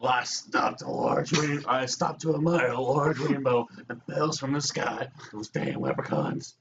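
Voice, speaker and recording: A man putting on the voice of a grumpy old man villager, slow and gruff. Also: medium pitch, animated, fairly bright tone. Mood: grumbling. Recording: slightly muffled home recording.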